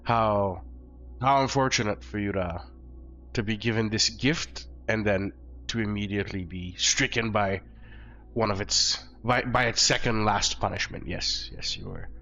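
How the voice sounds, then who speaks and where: A hoarse man voicing a massive, courtly male vampire prince in a tabletop game, talking in a stately, measured way. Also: lowish voice, pushed and bright. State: hoarse from flu. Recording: dull lo-fi recording, faint music.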